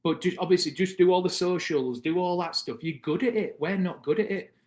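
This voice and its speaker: A British man in his thirties, a podcast guest, tells a long casual story and animatedly acts out the voices of the people in it. He speaks fairly quickly in a voice a little high for a man, in an echoey room.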